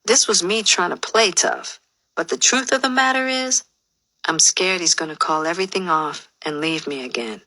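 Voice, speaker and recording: A woman with a low but bright, forceful voice reads her memoir aloud. She tells the story candidly and with open feeling. The close studio recording is completely dry. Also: moderate pace, dry recording. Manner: candid, emotionally expressive storytelling. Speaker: memoir narrator. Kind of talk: audiobook memoir narration.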